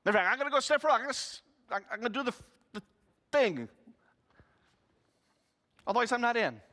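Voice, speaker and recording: A man's voice: very high-pitched, animated, brisk, pushed and bright, big-room sound, pitched above the performer's own voice, heavily acted. A man voicing the disciple Thomas, a blunt and stubborn skeptic who refuses to believe. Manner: defiant, blunt, disbelieving.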